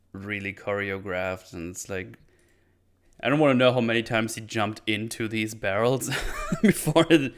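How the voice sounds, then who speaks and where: A man's voice: fairly low pitch, a bit bright, smooth. A man casually recapping a martial arts film, rambling and swearing freely. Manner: rambling, swears freely, puts on quick voices for characters. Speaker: film reviewer.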